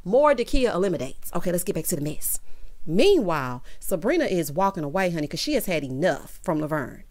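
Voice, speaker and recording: A woman giving a casual, sassy recap of a reality dating show, talking often to her viewers and jumping high in pitch to stress a point. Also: a little fast. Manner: sassy, animated, peppered with "child" and "honey"; swoops high in pitch for emphasis. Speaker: TV recap vlogger.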